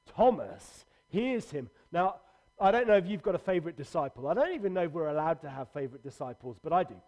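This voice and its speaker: A man's voice: on the high side, very animated, fast, a little mellow, muffled recording. A man pastor giving a livestreamed church sermon, earnest and conversational with emphatic repetition.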